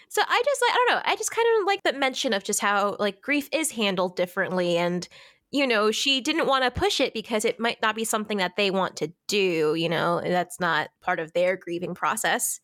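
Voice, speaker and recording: A woman's voice: medium pitch, lively intonation, brisk, fairly bright tone. A woman co-hosting a podcast, chattily recapping a book's plot and gushing over its sweet moments. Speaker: podcast co-host. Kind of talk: casual book-club chat.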